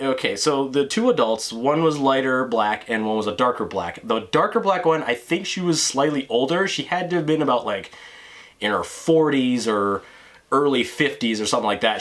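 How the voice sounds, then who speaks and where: A man's voice: mid-range voice, a bit bright. A man with a mid-range voice tells a story straight to the camera. He swears often and stammers through restarts as he rambles on. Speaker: vlogger. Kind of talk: storytime monologue.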